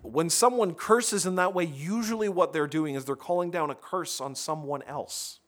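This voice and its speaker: A man delivers a sermon in a relaxed, conversational tone, his voice sitting a bit high for a man. He often starts a phrase over and turns to the congregation with quick asides. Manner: conversational preaching with frequent restarts and asides. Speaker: pastor.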